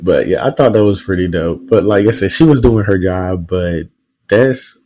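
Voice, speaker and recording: गहरी आवाज़ वाला पुरुष पॉडकास्ट होस्ट. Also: male voice, sits low, moderate pace, poor audio. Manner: relaxed storytelling with fillers. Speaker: podcast co-host. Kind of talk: casual chat.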